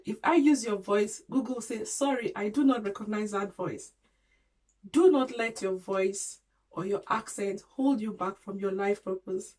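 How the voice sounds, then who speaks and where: Earnest woman vlogger, slightly high voice. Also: darkish tone, poor audio. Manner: earnest, encouraging, with frequent fillers. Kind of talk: casual talk to camera.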